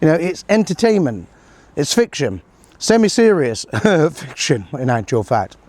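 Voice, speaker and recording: A middle-aged man talks through his views in a loose, sarcastic monologue, trailing off into ums and brief chuckles. His voice sits a little high for a man. The recording is close and dry, with no room sound around him. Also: very animated, measured pace, a little mellow, no room sound. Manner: sarcastic, rambling, with frequent fillers and chuckles. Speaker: political commentator. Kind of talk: casual solo commentary.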